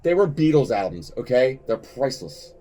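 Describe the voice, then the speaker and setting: A man's voice: medium pitch, very animated, moderate pace, warm tone. A man co-hosting a podcast in casual chat, rambling and enthusiastic, often breaking into laughter. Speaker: podcast co-host.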